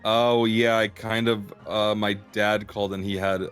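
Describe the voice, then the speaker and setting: A man roleplaying a young guy in a game, speaking in a hurried, evasive way. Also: lowish voice, level tone, a bit bright, soft background music. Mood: panicky. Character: young man dodging questions, panicky.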